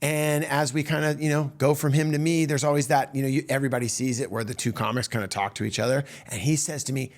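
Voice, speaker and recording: Animated, self-mocking male comedian. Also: mid-range voice, fast talker, few pauses. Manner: animated, self-mocking, lots of restarts and fillers. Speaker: stand-up comedian. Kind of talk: comedic storytelling monologue.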